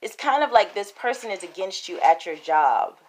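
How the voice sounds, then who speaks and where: A woman giving a casual, chatty tarot reading to camera at home, talking straight to her viewers and getting excited. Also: medium pitch, moderate pace. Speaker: tarot reader.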